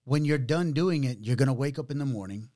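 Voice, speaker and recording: A middle-aged man, a pastor telling his testimony in a casual podcast conversation, animated and full of slang. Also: medium pitch. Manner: animated storytelling, drawn-out words, casual slang.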